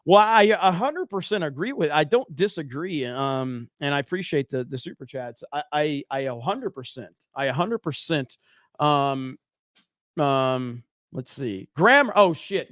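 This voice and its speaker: A man's voice: on the high side, lively intonation, a little slow, fairly bright tone, no room sound, clean studio sound. Profane Southern man hosting a livestream. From Alabama. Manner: profane, rambling, self-mocking. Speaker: livestream host. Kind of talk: casual livestream chat, reading super chats.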